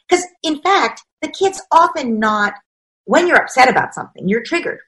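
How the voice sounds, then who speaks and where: A woman with a slightly high voice, talking through parenting ideas as an expert guest in an interview. She explains with emphasis and slips into the voices of parents and children to make her points. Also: animated, normal speed, fairly bright tone, low-quality recording. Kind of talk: conversational interview.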